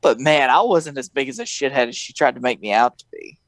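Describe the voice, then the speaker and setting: A man's voice: medium pitch, a little fast, no room sound. A young man hosting a casual podcast chat, laughing often and mimicking people in his stories. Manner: laughing, animated, mimics voices in quotes. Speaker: podcast host.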